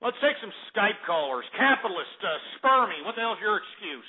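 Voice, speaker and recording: A man hosting a call-in radio show who rants and yells insults at callers in a crude shock-jock style. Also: high voice, sing-song, brisk, husky. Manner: abrasive, yelling insults at callers. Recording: tinny phone-quality audio.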